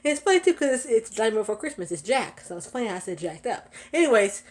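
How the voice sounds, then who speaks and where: A woman's voice: on the high side, sing-song, fast. A young woman vlogging from her car, chatting casually, a little out of breath, with lots of fillers and laughs. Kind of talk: casual storytelling vlog.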